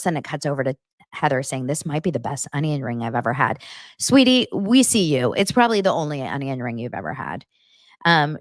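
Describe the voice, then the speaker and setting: A woman's voice: low voice, no room sound, studio quality. A woman hosting a chatty reality TV gossip recap, talking straight to her viewers. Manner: animated, chatty, addresses viewers directly. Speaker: host.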